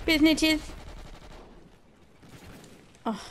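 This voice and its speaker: A woman's voice: high-pitched, extremely slow, a little hiss or hum. A young woman streaming a shooter game, chatting casually with her viewers, joking, laughing and swearing freely. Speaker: gaming streamer.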